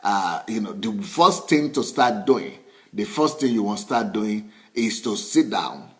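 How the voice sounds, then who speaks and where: A man's voice: lowish voice, lively intonation, measured pace, fairly bright tone. A middle-aged man, a pastor, preaching a sermon in a conversational way, repeating key phrases and chuckling between points.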